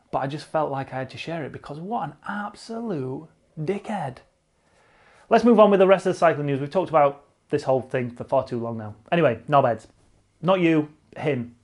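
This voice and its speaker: A man's voice: on the high side, animated, moderate pace. A man hosting casual online cycling news commentary, blunt and sarcastic, swearing freely and repeating himself for emphasis.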